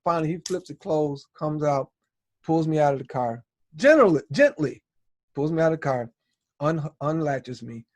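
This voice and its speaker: Guy rambling through a story on his podcast, kinda high voice, keeps saying right?. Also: animated, normal speed, no room sound. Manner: rambling, conversational, tags lines with "right?". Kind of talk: casual personal storytelling.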